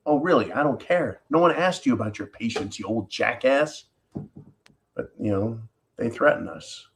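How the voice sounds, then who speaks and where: A man's voice: mid-range voice, lively intonation, normal speed, slight background noise. Blunt sarcastic guy ranting on his own show, keeps going "right?". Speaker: host. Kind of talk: opinion commentary monologue.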